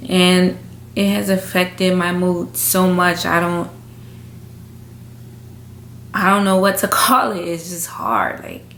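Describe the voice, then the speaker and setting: A young woman with a fairly low voice talks frankly and haltingly to the camera, with plenty of fillers. She is recorded in an echoey room at home, with a faint hum behind her. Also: expressive, gravelly, fairly bright tone. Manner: halting, frank, emotional talk with many fillers. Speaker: vlogger. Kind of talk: candid personal vlog. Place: indoors at home.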